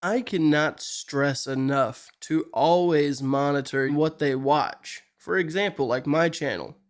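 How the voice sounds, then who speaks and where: A man's voice: fairly high pitch, a little slow. Earnest man reacting to viral clips. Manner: earnest, sympathetic, advice-giving. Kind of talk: casual commentary.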